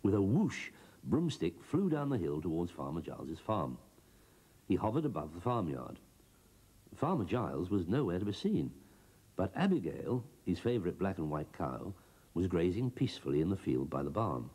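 A man giving a scripted children's storybook narration, expressive and bouncing between character voices. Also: low-pitched, moderate pace, husky.

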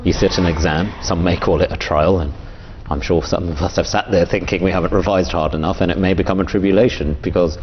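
A man hosting a studio panel discussion, calmly putting questions to his guests. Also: deep voice. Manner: measured, posing questions to panelists. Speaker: show host. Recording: dull lo-fi sound, faint noise.

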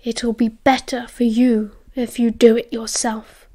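A woman voicing a sly, disdainful young male werewolf who plots in hushed, urgent whispers. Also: a little high, flat delivery, measured pace. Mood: scornful.

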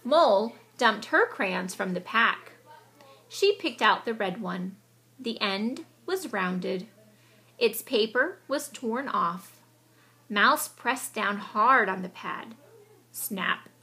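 A woman reading a children's picture book aloud with expressive storytelling, and she sometimes stops to explain the story. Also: mid-range voice, takes it slowly.

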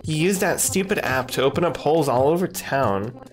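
A streamer reading a young woman's angry, scolding lines from a video game with lively pitch. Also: fairly quick, soft background music, close to an everyday voice.

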